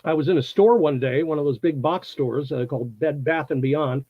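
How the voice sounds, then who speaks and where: A man in his sixties from the United States, an actor telling anecdotes in a casual interview, animated and laughing often, acting out what people said. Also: fairly high pitch, moderate pace, no echo, muffled recording. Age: 60s. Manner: animated storyteller, acts out quotes, laughs often.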